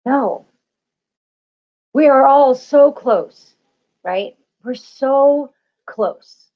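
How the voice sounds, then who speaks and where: Drawing out her words in a high-pitched voice, a spiritual channel host urges her listeners on, repeating herself emphatically and cursing without restraint. The recording sounds dull and lo-fi.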